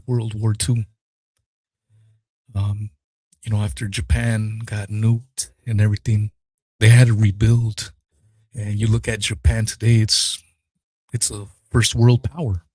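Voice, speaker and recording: A man's voice: fairly low pitch, darkish tone, dry recording. A man hosting a solo podcast, speaking raw and emotional, swearing freely as he talks through personal feelings and a philosophy of self-improvement. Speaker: podcast host. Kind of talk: solo podcast talk, live stream.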